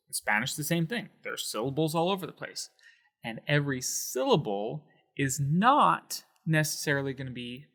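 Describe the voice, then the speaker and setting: A man's voice: medium pitch, fairly bright tone. A man teaching a Spanish lesson on video, explaining with emphasis and sounding out words syllable by syllable.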